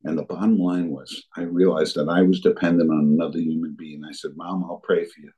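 A man's voice: low-pitched, little pitch movement, a little fast, slightly rough, muffled recording. An older man telling his recovery story as a personal testimony, earnestly acting out remembered conversations. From New Jersey area.

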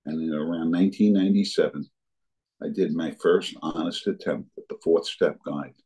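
A man's voice: rumbling low, warm tone, slightly rough, low-quality recording. An older man telling his recovery story as a personal testimony, earnestly acting out remembered conversations. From New Jersey area.

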